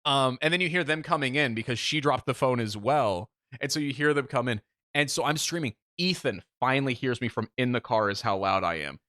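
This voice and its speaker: Forceful, self-mocking male podcast host. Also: medium pitch, brisk, dry recording, studio quality. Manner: animated, self-mocking, swearing freely. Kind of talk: casual storytelling chat.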